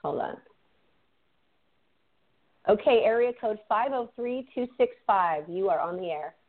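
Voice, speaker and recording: A woman hosting a call-in show, brisk and upbeat as she takes callers. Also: medium pitch, animated. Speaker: host managing callers. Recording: phone-like line.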